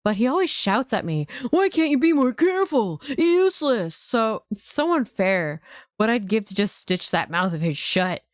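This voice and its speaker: A resentful young delivery man grumbles about his unfair boss, as a woman reads him out loud. His complaints tumble out quickly in a put-upon whine. The sound is close and dry. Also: mid-range voice, animated, no room sound, close to an everyday voice.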